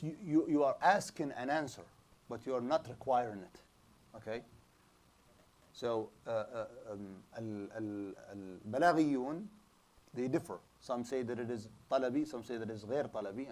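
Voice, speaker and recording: This man lectures to a class in a halting, repetitive way, often restarting his sentences. He drops Arabic terms into his English explanation, and his voice sits at an ordinary middle pitch for a man. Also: a little mellow. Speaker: Islamic studies teacher. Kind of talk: classroom lecture with student questions.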